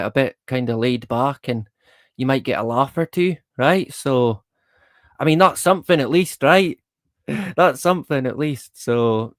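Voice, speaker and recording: A man's voice: mid-range voice, no room sound, clean studio sound. A man hosting a casual livestream, rambling in a laid-back way, chuckling often and swearing casually. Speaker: livestream host.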